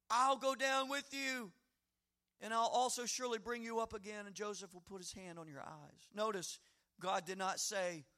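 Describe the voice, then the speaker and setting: A male pastor preaching a sermon in a folksy, animated way, acting out prayers and quoted voices. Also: high voice.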